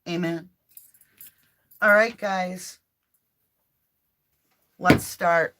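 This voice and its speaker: A woman with a somewhat low voice hosts a casual live tarot reading from her home office. She chats with viewers in a loose, informal way and slips into spoken prayers. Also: measured pace, noisy background. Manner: chatty and informal, often addressing viewers directly. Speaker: tarot reader hosting a live stream.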